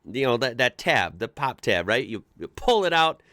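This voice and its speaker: This host from the United States is very animated, his mid-range voice bright and forceful at a moderate pace as he reads online posts and adds his own amused, chatty asides on a casual commentary show. The audio is studio quality with no room sound.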